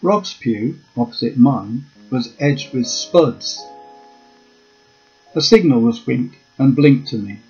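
A man telling a memoir story in a slow, measured reading voice. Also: mid-range voice, animated, darkish tone. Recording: dull lo-fi with faint guitar.

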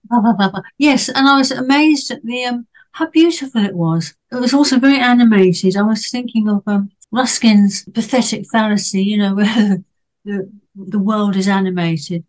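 A woman talking through a book on a club panel in an easy, chatty way. She hesitates often, restarting her sentences and filling pauses with ums as she goes. Her voice sits at an ordinary middle pitch for a woman. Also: rough recording. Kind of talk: casual discussion.

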